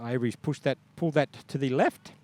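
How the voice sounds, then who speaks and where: Fast-talking football commentator, man. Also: mid-range voice, darkish tone. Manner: rapid running play-by-play with casual asides. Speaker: play-by-play commentator. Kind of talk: live sports commentary.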